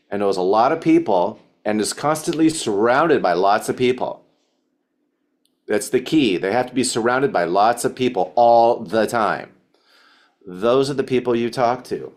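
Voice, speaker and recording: A man giving a motivational talk to his sales team, telling a story with lively quoted dialogue. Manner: animated storytelling, acting out quotes in higher voice.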